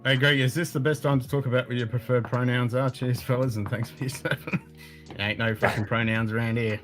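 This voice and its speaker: A man's voice: medium pitch, fairly even intonation, soft background music. A man co-hosting a live-stream chat, trading crude jokes. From Australia. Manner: jokey, crude banter with quick laughs. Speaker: co-host.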